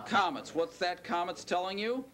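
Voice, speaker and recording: A Hebrew teacher whose voice sits high with a fairly bright tone is lecturing a class. Questioning the students as he goes, he draws out each key word.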